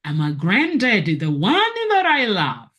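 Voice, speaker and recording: Woman vlogger preaching to camera, husky voice, keeps repeating herself for emphasis. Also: mid-range voice, wildly swooping pitch, unhurried, fairly bright tone. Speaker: motivational vlogger. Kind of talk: personal testimony, preachy monologue.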